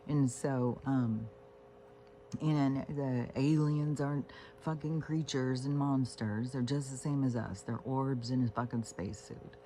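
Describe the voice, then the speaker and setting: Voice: mid-range voice, fairly even intonation, measured pace, dark tone, slight background noise. Rambling, cursing home vlogger. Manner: profane, meandering, frequent fillers and restarts. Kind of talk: casual rambling monologue. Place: at home on a couch with pets.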